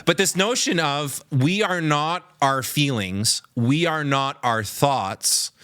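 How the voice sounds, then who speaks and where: A man's voice: a little high, slow, a bit bright, clean tone. A man co-hosting a podcast, speaking reflectively about personal growth in casual chat. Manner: reflective, with many "uh" fillers. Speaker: podcast co-host.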